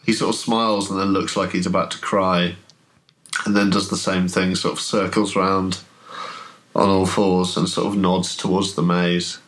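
A man running a tabletop horror game as game master, telling the scene in a relaxed, hesitant way with many fillers. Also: sits low, normal speed. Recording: podcast audio.

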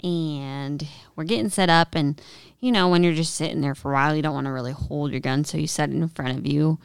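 A young woman with a smooth, clear and fairly low voice, chatting as a podcast co-host. She retells stories with animated quoted lines. The sound is dry and close. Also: a little fast, dry recording. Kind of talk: casual storytelling chat.

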